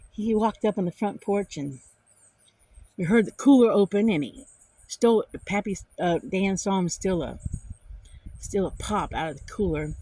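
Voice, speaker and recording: A woman's voice: mid-range voice, no room sound. Indignant woman telling a story. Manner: animated, indignant retelling with repeated phrases. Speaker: vlogger. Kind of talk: casual storytelling vlog.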